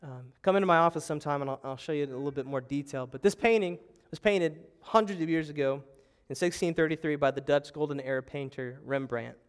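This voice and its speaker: A man's voice: a little high, fast, clear, resonant tone. A young adult man preaching a sermon as pastor, telling the story with animation and acting out panicked voices. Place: church sanctuary.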